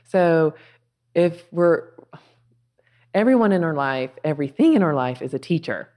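A woman's voice: sits low, animated, moderate pace, a little mellow. A woman guest in a conversation, giving earnest spiritual advice in short reflective phrases. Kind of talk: casual conversation.

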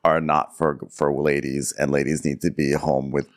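Deep-voiced sarcastic male podcast co-host. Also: flat delivery, normal speed. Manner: sarcastic, riffing jokes. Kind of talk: comedic reality TV recap chat.

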